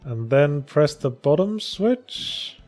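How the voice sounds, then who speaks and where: A man's voice: fairly high pitch, big pitch swings, slow pace, darkish tone, soft background music. A man playing through a game he made, explaining its mechanics casually with some dry swearing. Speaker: game creator playing his game. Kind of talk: casual let's play commentary.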